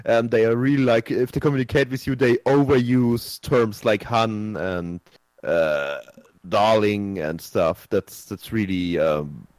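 A man's voice: fairly low pitch, darkish tone, no room sound, low-quality recording. Casting: German-accented man, casual podcast chat, hesitant, lots of "uh", dry close mic. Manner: halting, many fillers and restarts.

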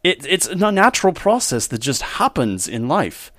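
A man voicing an earnest, lovesick Australian bloke in a shaky put-on Australian accent, rambling in a halting, mock-serious way. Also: a little high, big pitch swings, fairly bright tone, no echo, studio quality. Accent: attempted Australian slipping toward Southern US.

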